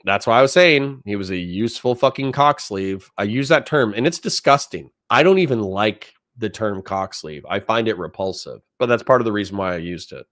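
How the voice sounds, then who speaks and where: A young man hosting a casual livestream, reading chat comments aloud and reacting in a profane, animated way. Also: fairly low pitch, brisk, few pauses. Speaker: livestream host.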